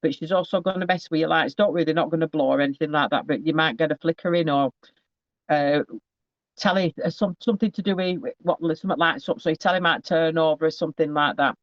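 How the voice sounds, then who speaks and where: A man, giving a chatty, halting psychic reading to a sitter, often restarting his phrases. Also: on the high side, dry recording. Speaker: psychic medium. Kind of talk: live spirit reading to a sitter. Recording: slightly dull, dry recording.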